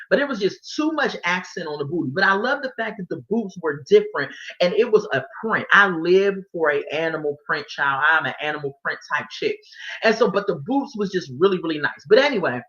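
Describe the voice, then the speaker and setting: A sassy, animated woman chatting through a reality TV recap. Her voice sits at a middle pitch and the sound is a bit dull and lo-fi. She jumps into quoted voices as she tells the story. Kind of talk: casual recap chat.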